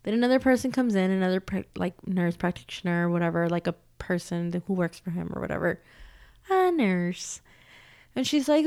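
A woman's voice: on the low side, a little fast. A young woman telling a story to her vlog audience, swearing often and filling her talk with "like", getting heated as she rants. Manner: animated ranting with frequent swearing and "like". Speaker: vlogger.

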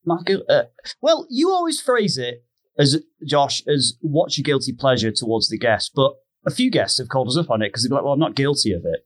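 A man's voice: medium pitch, sing-song, a bit bright, no room sound. A man co-hosting a comedy podcast, cheeky and jokey in casual chat. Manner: jokey, quick to laugh, cheeky. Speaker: podcast co-host.

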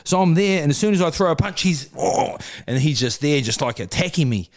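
A man's voice: a little high, lively intonation, brisk, no echo. Swearing New Zealand man, dry close sound. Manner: laid-back, swears freely, laughs through stories. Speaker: podcast guest, former boxer. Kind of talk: casual interview storytelling.

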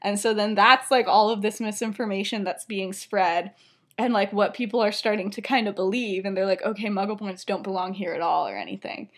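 A woman's voice: medium pitch, fairly even intonation, brisk. A woman co-hosting a podcast, casually retelling a story in a rambling way and filling her sentences with 'like'. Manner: rambling retelling, heavy use of filler 'like'. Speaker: podcast co-host.

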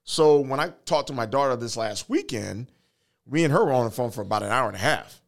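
A man in his forties telling a personal story earnestly, in halting phrases, holding back tears. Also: medium pitch, animated, vocal fry. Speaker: guest, fatherhood program worker.

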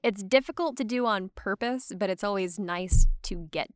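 Her mid-range voice has a clear, resonant tone and a moderate pace, in a dry recording with clean studio sound. This young adult woman from Georgia, USA, is a voice actor guest on a casual podcast, rambling chattily with many "like"s and frequent laughs.

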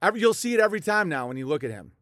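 A man's voice: high-pitched, sing-song, very fast, a bit bright, no echo, clean studio sound. A man delivering a heated, profane political monologue, mocking his targets. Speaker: political commentator.

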